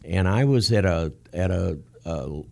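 Vietnam-era male veteran in his seventies, low voice, earnest storyteller, interview guest. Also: expressive, a little slow, gravelly, mellow. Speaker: guest, veterans group founder. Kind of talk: casual radio interview.

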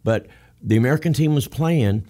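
A man's voice: mid-range voice, lively intonation, moderate pace, mellow. A man in his seventies who founded a veterans group, a radio interview guest telling stories earnestly.

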